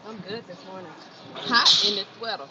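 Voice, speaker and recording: A woman's voice: medium pitch, normal speed. A woman chatting casually on a livestream from an indoor gym, talking to viewers and repeating phrases for emphasis. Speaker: fitness livestreamer. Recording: muffled, noisy gym sound. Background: gym ambience.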